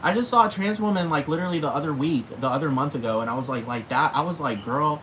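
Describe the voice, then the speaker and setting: A man's voice: on the high side, fast, a bit bright, slight background noise, low-quality recording. A man ranting casually to camera, slangy and profane, with sudden dramatic jumps in his voice. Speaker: vlogger.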